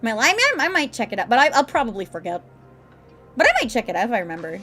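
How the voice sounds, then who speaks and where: A woman's voice: a little high, big pitch swings, quick pace, sharp tone, soft background music. A young woman streaming a game, chatting casually with her viewers, rambling and laughing often as she answers chat.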